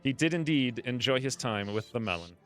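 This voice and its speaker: A man's voice: medium pitch, lively intonation, brisk, fairly bright tone, soft background music, close to an everyday voice. A man voicing a shackled village man, speaking in a weary, matter-of-fact drawl while reading a game event aloud. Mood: resigned. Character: shackled village man accused of melon theft, resigned. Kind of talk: let's play character reading.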